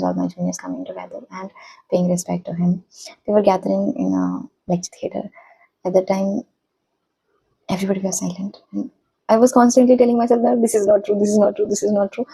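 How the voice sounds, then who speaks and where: Young female vlogger, soft-spoken and halting; mellow, gravelly, husky voice. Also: medium pitch, low-quality recording. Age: young adult. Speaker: vlogger, college student. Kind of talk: personal reflective vlog.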